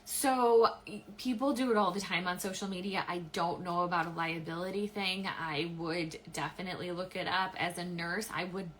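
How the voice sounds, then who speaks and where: A young woman hosts a casual live stream in a slightly low voice with a bright, forward edge. She chats loosely, filling gaps with "um"s and restarts while she answers viewers. Faint noise sits behind her. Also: fairly even intonation, normal speed, poor audio. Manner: chatty, many "um"s and restarts, frequent laughs. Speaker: live-stream host, affiliate marketer.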